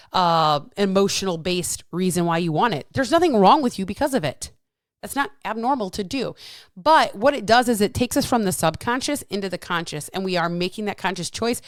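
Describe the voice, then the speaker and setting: A woman's voice: mid-range voice, no echo, clean studio sound. Blunt, profane woman coach. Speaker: fitness coach and podcast host. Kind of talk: casual solo podcast talk.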